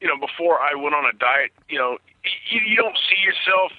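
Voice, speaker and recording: A man's voice: a little high, expressive, fairly quick, no room sound, phone-quality sound. A man calling in to a radio show from his truck, chatty and polite, with a lot of hesitation. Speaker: caller. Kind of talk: phone call-in chat. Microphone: phone.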